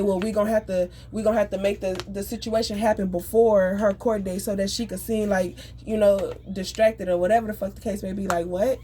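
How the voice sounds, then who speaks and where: A woman venting in an angry, profane, rapid rant. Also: mid-range voice, warm tone, slight background noise. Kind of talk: emotional venting monologue.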